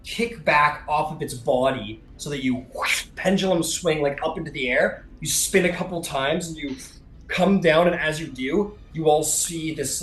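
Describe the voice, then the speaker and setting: A man's voice: medium pitch, a bit bright, echoey room, poor audio. A man running a tabletop game as game master, narrating loosely with lots of fillers and the odd swear.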